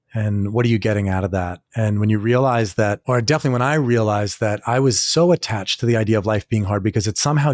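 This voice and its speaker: A man's voice: on the low side, darkish tone, no echo. Candid casual man, dry close sound. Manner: casual, candid, many filler "like"s. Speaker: podcast host. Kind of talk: solo reflective podcast talk.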